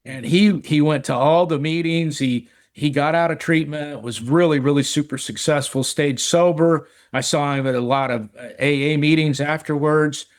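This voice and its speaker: A man's voice: a little high, steady tone, moderate pace, hardly any pauses. A middle-aged man telling a personal recovery story in casual chat, earnest, often repeating words and restarting. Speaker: recovery podcast guest.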